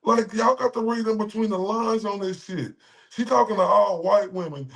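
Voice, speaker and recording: A man's voice: sits high, moderate pace, vocal fry, fairly bright tone. A man from Dallas streaming a reaction, ranting and mocking with heavy insults and repetition. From Dallas, Texas. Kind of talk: profane reaction rant.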